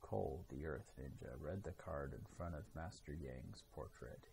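A man reading a children's story aloud in a steady, measured way. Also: a bass voice, gravelly, a little hiss or hum, low-quality recording. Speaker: storybook reader. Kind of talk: read-aloud narration.

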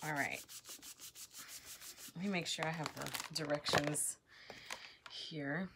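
A woman's voice: sits low, takes it slowly, gravelly, noisy background. A woman vlogging at home, nervously exclaiming and giggling as she reads product instructions aloud. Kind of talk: casual vlog, reading product instructions aloud.

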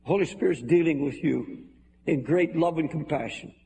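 A man's voice: fairly high pitch, normal speed, creaky, mellow, a little hiss or hum. A man preaching a sermon as pastor, earnest and pleading, with emphatic repetition, recorded live in a large church hall. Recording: live sermon in a reverberant hall, faint music.

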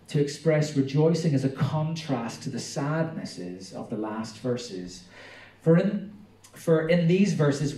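A man's voice: mid-range voice, dark tone. A man preaching a sermon, reading scripture aloud with rising emphasis and talking plainly between passages. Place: small church gathering in a living room. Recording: distant roomy sound, mic far off.

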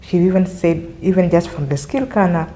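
A woman's voice: fairly low pitch, normal speed, dark tone, a little hiss or hum, low-quality recording. A woman hosting a reaction video, commenting on a clip and repeating points to clarify them.

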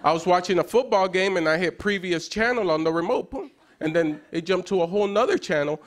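A man in his thirties doing self-deprecating stand-up comedy on a TV stage, with a wry, joking manner and bursts of excited yelling. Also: high-pitched, brisk. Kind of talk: stand-up set on late-night TV. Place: TV studio stage before a live audience. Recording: broadcast studio with loud crowd noise. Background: audience laughter and applause.

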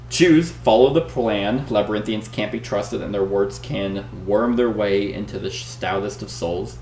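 A man casually playing a board game, reading the story aloud with dramatic flair and chatting with his partner. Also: lowish voice. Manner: dramatic read-aloud, lively banter. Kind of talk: casual play-through with read-aloud narration. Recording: echoey room, faint hum.

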